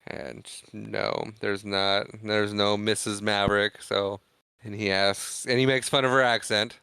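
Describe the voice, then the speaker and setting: This man's voice sits lowish and barely moves in pitch, coming across gravelly, pushed and bright, yet smooth, with no echo. Co-hosting a podcast, he rambles casually through a film scene by scene, quickly acting out lines of dialogue as he goes.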